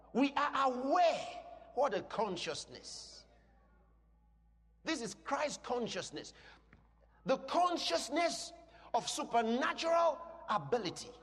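A man preaching a sermon to a congregation, speaking emphatically and breaking into shouted declarations. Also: extremely high pitch. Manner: asks the congregation questions. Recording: long reverb in a large hall.

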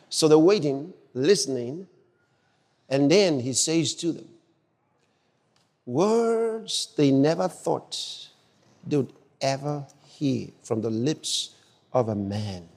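Brief: male preacher, exuberant, shouts exclamations, high voice, long hall reverb. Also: animated, drawn-out words, pauses often. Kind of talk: sermon.

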